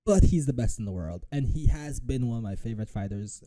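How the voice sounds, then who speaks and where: A man talking over a clip on his stream, his voice deep-toned and mellow. He swears freely and stays animated. He breaks into mocking impressions of the people on screen. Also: a little fast. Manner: profane, animated, mocks with impressions. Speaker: reaction streamer. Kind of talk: live reaction commentary.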